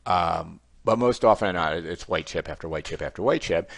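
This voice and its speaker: A man's voice: low-pitched, a little fast, creaky, no echo. A middle-aged man teaching statistics in a recorded lecture video, telling a classroom story in a conversational way with folksy asides. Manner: conversational storytelling with quoted student voices. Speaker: statistics instructor.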